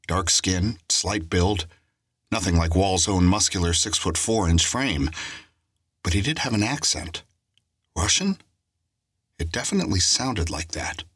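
Deep husky male audiobook narrator. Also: moderate pace, a bit bright, no echo, studio quality.

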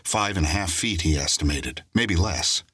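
A man narrating a crime story in a steady scripted audiobook reading. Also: sits low, normal speed, breathy edge, dry recording, clean studio sound.

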